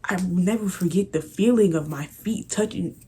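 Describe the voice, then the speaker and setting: A young woman vlogger telling a casual, animated storytime with lots of slang. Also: lowish voice, normal speed, a little hiss or hum.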